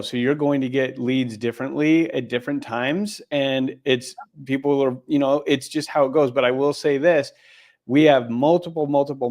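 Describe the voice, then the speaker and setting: A man's voice: medium pitch, darkish tone. Upbeat man co-hosting a live stream. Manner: rambling, frequent restarts, upbeat. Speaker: co-host, YouTube coach.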